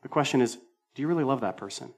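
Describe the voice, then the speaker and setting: A male senior pastor delivering a sermon in an animated, conversational way, with emphatic repetition and self-deprecating humor. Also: mid-range voice, fast talker, creaky.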